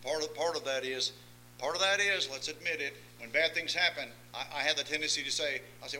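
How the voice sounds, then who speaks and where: A man delivers a sermon in a high, sharply bright voice. He drops to soft, confiding asides and then rises to loud, stretched-out emphatic lines. He keeps checking whether his listeners follow him. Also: a little fast, slight background noise, rough recording. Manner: dramatic swings between soft asides and raised emphatic lines; folksy, asks listeners if they follow. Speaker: preacher.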